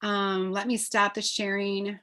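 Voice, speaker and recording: A woman's voice: medium pitch, level tone, measured pace, pushed and bright, smooth. A woman presenting a live online class, talking enthusiastically and casually with many fillers, heard through a computer mic. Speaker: essential oils presenter.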